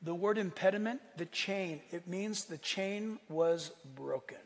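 A man preaching a sermon, lively, acting out quotes and asking his listeners questions. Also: high-pitched, measured pace, long reverb tail. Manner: animated preaching, acts out quotes, asks the room. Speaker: pastor.

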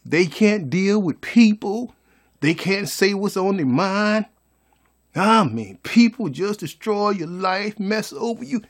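A man's voice: high-pitched, lively intonation, slow. A man giving a folksy, preachy motivational monologue as a vlogger.

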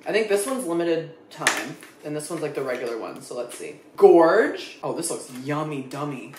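A man's voice: fairly high pitch, sing-song, moderate pace, noisy background. A young man in a casual food-tasting vlog, talking dramatically and expressively, swearing freely as he reacts. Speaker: food vlogger. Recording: echoey room.

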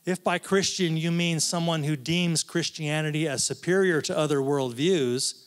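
A man's voice: a little high, fairly even intonation, normal speed. Conversational man giving a church talk. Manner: conversational, restarts and asides, jokey. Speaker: guest speaker, professor.

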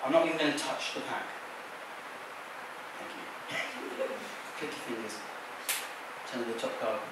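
Speaking at a measured pace in a medium-pitched voice, a stage magician ribs his volunteer during a live card trick. The theater recording is very noisy, echoey, and distant.

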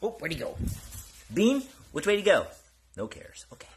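A woman's voice: on the low side, very animated, normal speed, slight background noise. A woman filming her pets at home and chatting to them playfully in swooping baby talk. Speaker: pet owner.

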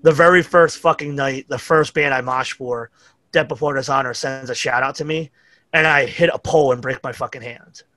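New york guy on a podcast telling wild stories, swears a lot, sharp bright voice, dry. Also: mid-range voice, fairly even intonation, normal speed, no echo. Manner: profane, rambling anecdotes with acted-out quotes. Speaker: podcast guest. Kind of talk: casual storytelling chat.

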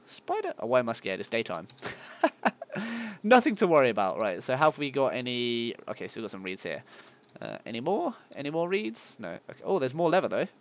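A man's voice: mid-range voice, wildly swooping pitch, brisk. A man giving casual, self-mocking let's play commentary and talking to his viewers. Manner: yelps at game monsters. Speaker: gaming channel host.

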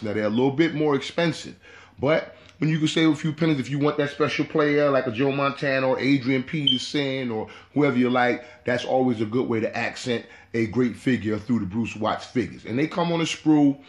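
A man hosting his own hobby channel, giving a casual, repetitive how-to talk full of "you know". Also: medium pitch. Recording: echoey room.

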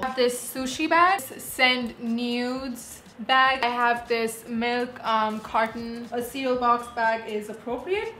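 A woman's voice: a little high, a bit bright, slight background noise. A woman in her twenties hosting a casual makeup tutorial vlog, blunt and sassy, swearing freely. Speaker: beauty vlogger. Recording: echoey room.

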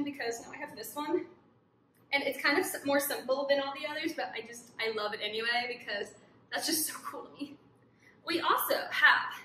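A high, bright woman's voice, bubbly and gushing as she chats to her viewers about what she unboxes. The sound is roomy and echoey, with a faint hiss of background noise behind her. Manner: gushing, excited, talks to viewers. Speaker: book vlogger. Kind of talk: casual unboxing chat.

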